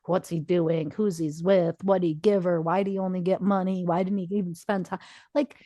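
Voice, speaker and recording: A woman's voice: lowish voice, steady tone, moderate pace, mellow, dry recording. A woman in her forties co-hosting a podcast, telling a personal story with feeling and acting out quoted dialogue. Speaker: podcast co-host. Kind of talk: casual podcast conversation.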